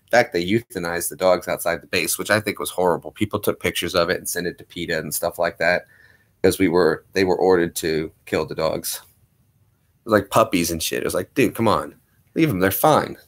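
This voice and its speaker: A man's voice: deep voice, steady tone, brisk. A young man, a streamer, chatting casually with viewers and thanking them effusively. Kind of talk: casual livestream chat.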